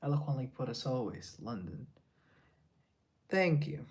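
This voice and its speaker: A man's voice: medium pitch, big pitch swings, measured pace. A man on a casual live stream, reading chat aloud and answering, now and then dropping into whispered asides.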